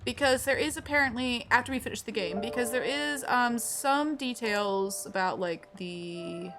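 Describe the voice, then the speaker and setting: A woman streaming a video game live, chatting casually, getting easily distracted and slipping into high baby talk with her cat. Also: moderate pace. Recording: with game music behind.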